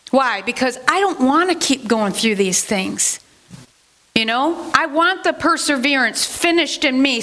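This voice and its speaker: A woman's voice: high voice, bright, forceful tone. A woman giving a casual sermon as a Bible teacher, chatty, asking herself questions and answering them.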